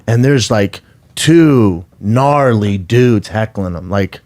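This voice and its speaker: A man co-hosting a podcast, telling a story in relaxed casual chat with slang and lots of fillers. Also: on the low side, slow pace. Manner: laid-back, slangy storytelling full of fillers like "like" and "uh". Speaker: podcast co-host. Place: podcast studio.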